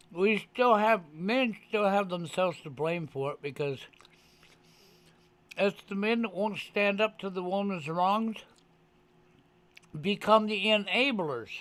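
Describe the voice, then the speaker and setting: A man's voice: sits high, a bit bright, no room sound. A man talking casually on a live stream, emphatic and profane, often pressing his point with "okay". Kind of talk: casual chat.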